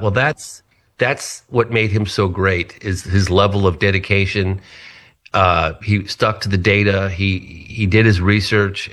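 A man, a guest in an interview, telling anecdotes in a lively way and acting out the people he quotes. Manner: animated retelling, acts out quoted voices higher. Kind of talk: anecdotal storytelling.

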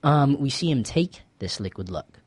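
A man's voice: mid-range voice, expressive, normal speed, a little mellow, breathy edge, no room sound. A young man hosting a casual podcast, recapping a film in a laid-back, rambling way with lots of fillers and slang. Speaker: podcast host. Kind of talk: casual chat.

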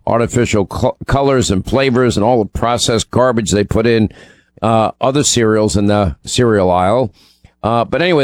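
A New York man with a mid-range voice co-hosts a talk radio show from a radio studio, with no room sound audible. He rambles casually through ad reads and news, using many ums and restarts.

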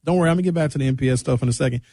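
A young man hosting a radio show, chatting casually with jokes and quick tangents. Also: medium pitch, gravelly, breathy edge, no echo. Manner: animated, jokey, jumps between tangents. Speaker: radio host.

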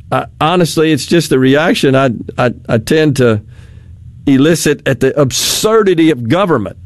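A male talk radio host with a slightly high voice, sardonic and quick to laugh at the news. He mocks officials in put-on quoted voices. The sound is dry and close, with no room around it. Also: no echo. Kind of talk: casual talk radio commentary.

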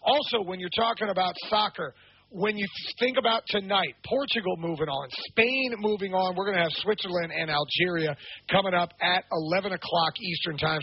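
A man's voice: high voice, breathy edge, highs cut off. An enthusiastic, chatty man hosting a radio sports talk show.

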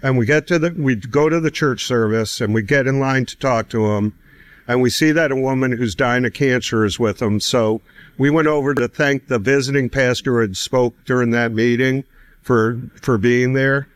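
Man in his fifties telling a personal story, chatty, keeps saying "you know", dry close mic, middle pitch. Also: moderate pace, clear, resonant tone, no echo. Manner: chatty, many "you know" fillers, laughs between phrases. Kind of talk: casual spoken testimony.

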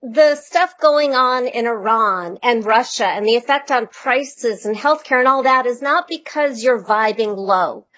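A woman's voice: on the high side, a little slow, hardly any pauses, fairly bright tone. A woman who is an author and money coach, a radio interview guest, speaking earnestly and reflectively with conviction.

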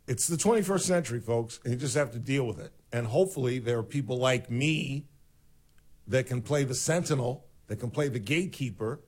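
A man's voice: mid-range voice, a little fast. A middle-aged male radio host delivering an indignant monologue to his listeners. He speaks emphatically and pushes back hard on callers. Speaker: radio talk show host.

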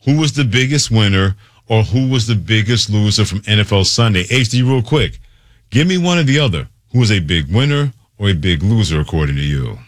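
A man hosting a sports talk radio show, speaking in a brisk, conversational way from a studio. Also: fairly low pitch, expressive, no echo. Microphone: studio mic.

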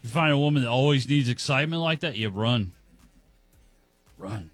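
A man co-hosting a casual podcast chat, wry and quick to tease. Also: medium pitch, animated, faint music behind. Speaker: podcast co-host.

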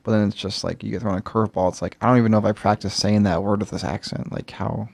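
A speaker in casual conversation with a gravelly, husky voice. They talk thoughtfully, with a dry, close sound. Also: sits low, fairly even intonation, fast, no echo. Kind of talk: casual chat.

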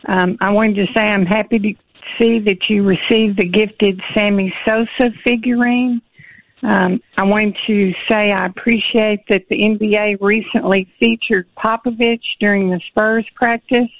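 A woman's voice: mid-range voice, steady tone, measured pace, no echo. A woman calling in to a radio show, friendly and a little hesitant with her ums. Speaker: caller. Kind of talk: casual phone call to a radio show. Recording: tinny phone line.

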